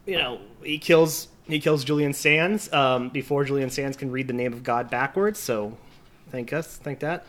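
A blunt, foul-mouthed man tears into a film in casual podcast chat. His voice sits at an ordinary middle pitch, and he talks in loose, rambling bursts. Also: normal speed, a bit bright. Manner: profane, blunt, ranting. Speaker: podcast co-host.

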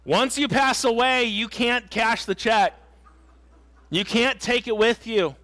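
A man's voice: extremely high pitch, slow, bright, forceful tone, dry recording. A middle-aged man preaching a sermon in a church, earnest and emphatic, telling stories and repeating his points. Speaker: pastor. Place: church sanctuary.

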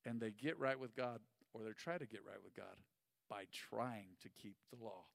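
A man preaching a sermon as pastor, telling stories animatedly and swinging between loud and hushed. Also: fairly low pitch, moderate pace, vocal fry, no echo, long reverb tail.

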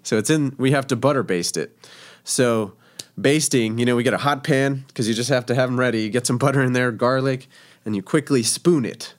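A man casually telling a story about working as a cook, animated and laughing often. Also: mid-range voice, brisk. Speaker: guest telling a kitchen story.

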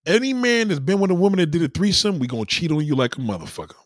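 A man hosting a podcast, telling crude stories in an animated, profane monologue. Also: a little high, rapid-fire, no echo, studio quality. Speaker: podcast host. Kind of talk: casual comedic monologue.

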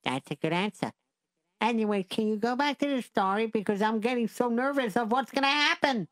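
A woman's voice: on the high side, lively intonation, fairly quick, no echo. Woman butting in with questions, chatty, dry close sound. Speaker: co-host interrupting the story.

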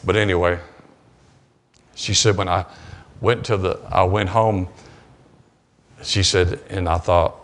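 The pastor, speaking low-pitched with fairly even intonation, preaches a sermon in a church sanctuary in a Southern US accent. He narrates a story haltingly, restarting frequently, repeating himself, and retelling conversations.

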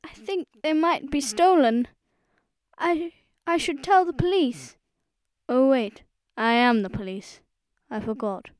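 Brief: woman doing a chipper male animal librarian for a storybook, very high and bouncy, slow and clear, dry sound. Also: no room sound. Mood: bewildered. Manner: eager, excitable, high and lively.

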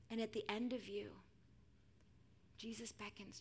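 A woman in her thirties preaching a sermon, dramatic, dropping to a hushed near-whisper for emphasis. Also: fairly high pitch, normal speed, breathy edge.

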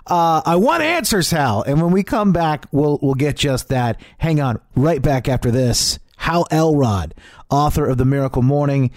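A man's voice: medium pitch, moderate pace, darkish tone, no echo. A male radio host with a mid-range voice, recorded close and dry in the studio. He asks questions in a folksy way, teasing as a devil's advocate and laughing along with his guest. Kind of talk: radio interview hosting.

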